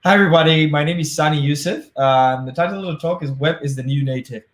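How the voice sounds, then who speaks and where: A man's voice: fairly high pitch, quick pace, echoey room. A man giving a casual, jokey tech talk over a video call. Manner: chatty, jokey, upbeat. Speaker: conference speaker.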